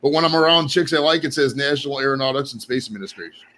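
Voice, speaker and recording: A man chatting on a live stream, cracking crude jokes in a deadpan way. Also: medium pitch, rapid-fire. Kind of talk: casual live-stream chat.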